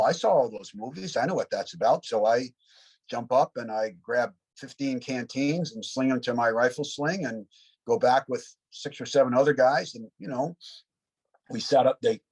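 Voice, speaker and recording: A man's voice: mid-range voice, normal speed, darkish tone, slightly rough, rough recording. A man in his seventies, a Vietnam veteran, telling rambling war stories in an interview with frequent "you know" asides. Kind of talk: reflective war storytelling.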